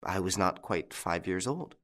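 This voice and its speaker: A man's voice: sits low, expressive, measured pace, a bit bright. A man reading an audiobook, voicing an anxious, frightened young French woman from a country estate in a raised voice. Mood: earnest. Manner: anxious, breathless and pleading.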